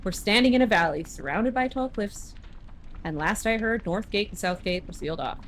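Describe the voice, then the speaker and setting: A woman's voice: mid-range voice, expressive, moderate pace, a little hiss or hum, lightly acted. A woman reading a cocky young thief, teasing and laid-back. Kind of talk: reading game dialogue aloud.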